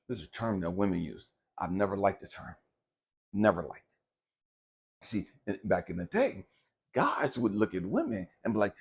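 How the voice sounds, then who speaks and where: A man giving an impassioned motivational talk, preachy and profane, swinging from low musing to loud outbursts. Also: very animated, measured pace, vocal fry, pauses often, slightly rough. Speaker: motivational speaker.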